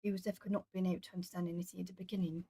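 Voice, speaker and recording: A woman's voice: on the low side, little pitch movement, very fast, dark tone, breathy edge, no echo. A young woman from Brazil, a Portuguese native speaker, chatting casually on an art stream while colouring and reading out chat. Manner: chatty, rambling, reads chat aloud.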